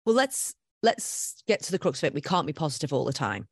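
A woman's voice: sits low, sing-song, a little fast, breathy edge, no room sound, clean studio sound. A middle-aged woman with a British accent, a guest coach speaking earnestly and upbeat in a casual interview.

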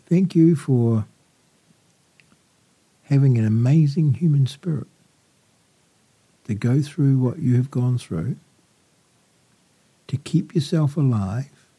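A man's voice: mid-range voice, slow, long pauses, slightly rough. A man hosting a talk radio interview, effusive and full of praise for his guest. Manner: warm, effusive. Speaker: radio host.

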